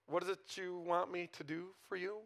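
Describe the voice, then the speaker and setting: A calm, compassionate teacher, as a preacher acts him out speaks gently and patiently. His voice is high and bright, and he asks his questions without any hurry. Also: normal speed, gravelly. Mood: gentle.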